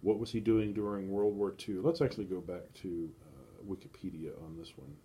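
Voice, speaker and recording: A man's voice: deep voice, brisk, mellow, breathy edge. Rambling man thinking aloud on stream. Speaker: streamer browsing estate sale listings. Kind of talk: casual live-stream musing.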